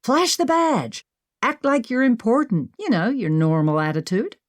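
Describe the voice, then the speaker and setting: A woman's voice: a little high, lively intonation, unhurried, no room sound, studio quality, voice pushed up. A woman narrator voicing a bold, pushy young woman who talks insistently. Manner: insistent, bossy.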